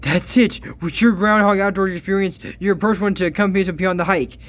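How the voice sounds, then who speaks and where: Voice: mid-range voice, steady tone, fast talker. A commentator recapping a cartoon in casual comedic commentary, exasperated, with laughing asides.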